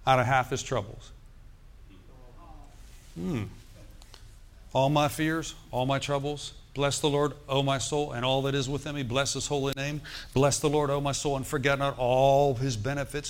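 A man preaching a sermon, animated and quoting scripture, calling out for amens. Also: medium pitch, normal speed, pauses often.

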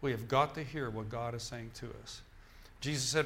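A man's voice: mid-range voice, normal speed, a bit bright, slight background noise. A male minister preaching a sermon in an emphatic, repetitive style, often restarting his phrases.

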